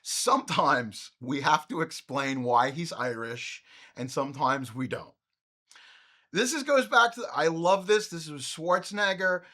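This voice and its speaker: Bright, animated, profane male film host. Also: a little high, measured pace. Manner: profane, ranting, frequently raising his voice. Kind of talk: comedic movie rant.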